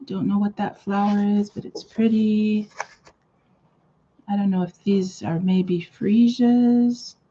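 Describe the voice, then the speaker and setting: A woman's voice: mid-range voice, fairly even intonation, slow, dark tone, lo-fi sound. A woman hosting a live crafting stream, chatting casually and rambling with lots of fillers. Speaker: crafting channel host.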